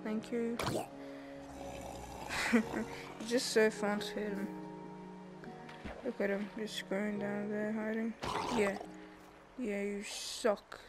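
A woman's voice: mid-range voice, flat delivery, slow pace, pauses often. A young woman giving casual, chatty commentary while playing a video game, thinking aloud and bursting into laughs and squeals. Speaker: gamer. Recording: game music behind the voice.

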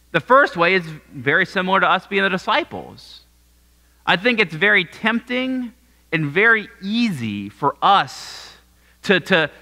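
A man preaching a sermon as pastor, talking in a conversational, animated way and often checking in with "right?". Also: on the high side. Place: church sanctuary. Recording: echoey church hall.

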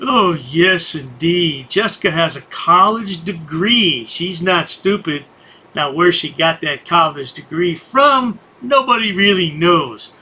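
A man's voice: a little high, animated, takes it slowly, sharp tone, slightly rough. A man hosting a commentary channel, mocking the people in the clips he plays with sarcastic remarks. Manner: sneering, sarcastic.

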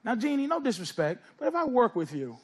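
A middle-aged man doing stand-up comedy and teasing people in the crowd, with loose, drawn-out delivery. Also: extremely high pitch, big pitch swings, husky. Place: comedy club stage with a laughing audience. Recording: live stage recording with crowd and noise. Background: audience laughter.

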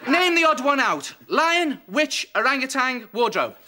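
A man with a highish voice hosts a live quiz, firing off the rules and quick jokes in cheeky patter. The broadcast has a clear noise under it. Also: big pitch swings, bright, forceful tone. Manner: cheeky, jokey quizmaster patter. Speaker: quiz host. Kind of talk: live kids' TV game.

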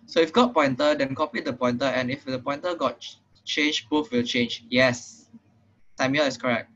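Speaking at normal speed with a medium-pitched, somewhat bright voice, a young Singaporean-accented man teaches programming in an online class. He's casual, full of fillers, and keeps asking "right?" while sounding slightly out of breath. The call audio is muffled and lo-fi.

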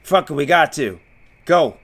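A man's voice: mid-range voice, very animated, measured pace. A man giving casual commentary while playing a game, swearing often and yelping when startled. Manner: swears a lot, yelps and shouts when startled. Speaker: game streamer.

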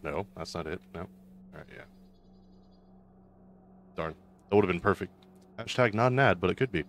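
A man with a deep, slightly bright voice streams a video game at normal speed, sounding animated. He jokes, chats, reacts aloud to the game, and reads chat messages while game music plays underneath.

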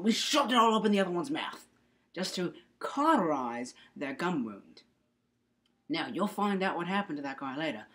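A young woman presenting a comedic mock-science skit, rambling and mock-serious with playful asides. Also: deep voice. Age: young adult.

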